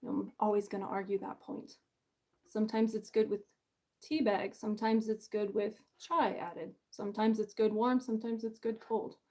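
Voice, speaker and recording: A woman's voice: medium pitch, level tone, moderate pace, mellow. A woman author hosting her book launch in a casual livestream chat. She is bubbly and self-deprecating, and she laughs often.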